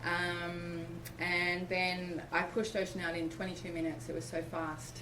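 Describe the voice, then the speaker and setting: A middle-aged woman from Australia telling a personal story in an interview, animated and acting out what people said. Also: fairly low pitch, a little slow, crowd noise. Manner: animated, acts out quoted speech. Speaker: interview guest. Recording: roomy, distant mic, background noise.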